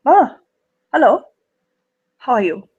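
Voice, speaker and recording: A tabletop game narrator voicing a relaxed, confident young male smith who speaks with a German accent in a deep, tender voice. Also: slow, slightly rough, phone-quality sound, full character voice. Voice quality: deep, chuckling voice. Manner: tender, playful.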